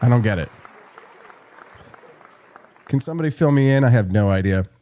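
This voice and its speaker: A man hosting a live political talk show, brash and quick, reacting to chat and plugging sponsors. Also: mid-range voice, animated, mellow, a faint crowd, slight background noise. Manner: brash, fast-talking, reads live chat. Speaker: host.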